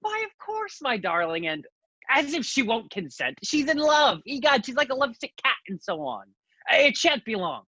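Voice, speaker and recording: A woman's voice: high voice, sing-song, normal speed, bright, forceful tone, slightly rough, dry recording, full character voice. A woman acting a fussy, fawning older male landowner, gushing with theatrical endearments. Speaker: student actor. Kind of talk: stage acting.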